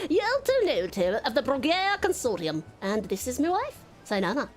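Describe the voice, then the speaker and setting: A woman voicing a boastful elderly male merchant in a game playthrough, with gruff, pompous old-fashioned speech. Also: mid-range voice, slight background noise, lightly acted.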